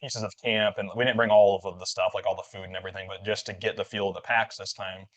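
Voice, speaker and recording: Speaking fast with a low, fairly bright voice that barely shifts in pitch, a man hosts a podcast and spins a rambling, filler-heavy tale. He performs the quoted lines himself, and the recording is dull and lo-fi.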